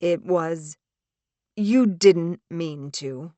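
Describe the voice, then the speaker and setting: A woman voicing a calm teenage boy who talks slowly and softly. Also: on the low side, no echo. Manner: calm, slow and soft.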